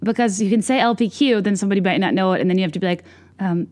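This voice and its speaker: A woman's voice: medium pitch, fairly quick, a little mellow. A young adult woman hosting a podcast, talking in a wry, self-deprecating, rambling monologue. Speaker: podcast host. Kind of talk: casual comedic monologue.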